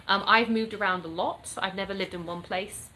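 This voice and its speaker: A woman's voice: medium pitch, steady tone, normal speed, sharp tone, slight background noise, low-quality recording. A woman in her thirties with a mixed English accent, chatting casually as she reads viewer questions aloud and answers them frankly. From born in the US, raised in England. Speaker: content creator answering viewer comments. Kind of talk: casual live chat reading comments aloud. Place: home in North Florida.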